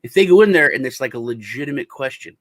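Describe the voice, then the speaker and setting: A man hosting a casual crypto chat, animated and slangy, telling stories, calling everyone dude and man. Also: medium pitch, fast talker, no echo. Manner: animated storyteller, acts out quotes of others; swears casually, calls people dude and man. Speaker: channel host.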